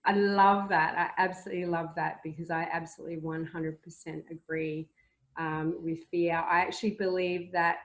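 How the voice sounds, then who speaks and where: Low-pitched woman hosting an interview. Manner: warm, encouraging, frequent ums. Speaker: host. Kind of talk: casual interview chat.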